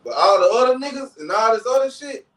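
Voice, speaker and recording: High pitched dude on a podcast, rambling animated chat, sounds far off the mic. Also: male voice, fast. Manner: animated, repeats "you know what I'm saying" often. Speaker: podcast co-host. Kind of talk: casual chat. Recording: roomy echo, distant from mic.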